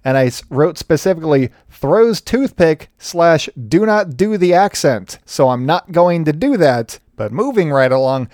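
A man's voice: a little high, expressive, unhurried, hardly any pauses, darkish tone, dry recording, studio quality. A man hosting a solo sports podcast in a chatty, joking and self-deprecating way. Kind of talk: casual solo podcast commentary.

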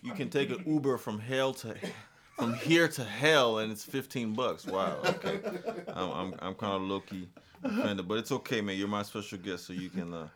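A man's voice: fairly low pitch, moderate pace, crowd noise. A man hosting his own chat show, playful and exclamatory as he welcomes guests and banters. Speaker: host. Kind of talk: casual chat.

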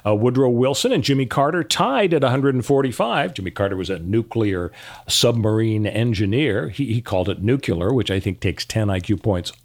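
A male podcast co-host in casual banter. His voice swings up and down a lot as he builds up wry, teasing asides. The pitch sits in an ordinary middle register. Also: animated, brisk. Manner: wry, playful, mock-dramatic asides.

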